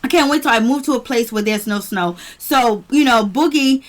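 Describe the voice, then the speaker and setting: A woman near Boston, US, hosts an easygoing live-chat stream where she reviews a reality show. She greets viewers by name, laughs often, and speaks at a moderate pace in a voice on the high side.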